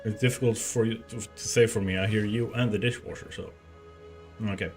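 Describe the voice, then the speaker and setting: Lowish-voiced man chatting on a game stream. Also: steady tone, fairly quick, a little mellow, soft background music. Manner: chatty, rambling while testing his mic. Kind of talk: casual live-stream chat. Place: room at home. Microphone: desk mic, moved around while talking.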